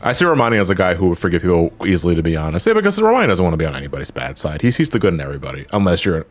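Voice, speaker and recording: Young man streaming, casual commentary, low voice, wild pitch swings, profane. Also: wildly swooping pitch, very fast. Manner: laughing, profane, rambling. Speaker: streamer host.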